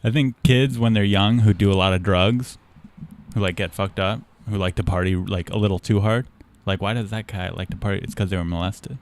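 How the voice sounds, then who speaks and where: A man hosts a casual podcast interview, delivering jokes with a straight face and calmly doubling down on silly ideas. His voice sits a bit low for a man, with an easy conversational pace. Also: fairly quick, slight background noise. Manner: deadpan joking, plays along with absurd theories. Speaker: podcast host.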